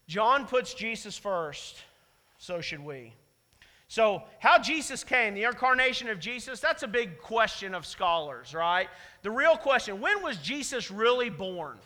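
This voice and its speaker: A man's voice: sits high, big pitch swings, measured pace, sharp tone, in a large hall. A man preaching a sermon as pastor, talking in an emphatic, conversational way and repeating his key phrases for weight. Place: church sanctuary.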